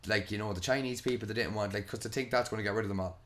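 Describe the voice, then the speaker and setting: A young Irish man holds forth on a casual podcast, swearing freely as he rants. His voice sits a little low, and he talks at a rapid clip. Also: a bit bright, a little hiss or hum. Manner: ranting, swears a lot, retells arguments. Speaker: podcast host.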